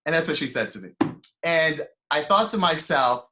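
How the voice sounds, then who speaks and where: Bright-voiced young man telling a story. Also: a little high, normal speed. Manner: animated, acts out quoted voices, frequent fillers. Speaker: rabbi giving a weekly Torah talk. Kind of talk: storytelling sermon.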